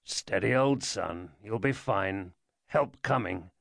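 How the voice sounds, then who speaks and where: A man voicing a gruff, weary old general. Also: mid-range voice, animated, a little slow, a bit bright, no echo, studio quality, exaggerated voice. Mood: grave, soft. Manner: gruff, impatient.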